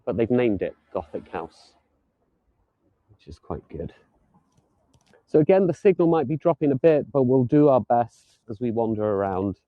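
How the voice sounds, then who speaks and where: A man's voice: medium pitch, sing-song, moderate pace, long pauses, no room sound, narrow, tinny audio. A man giving a live walking tour outdoors, chatting and joking lightly as he strolls the streets. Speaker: tour guide.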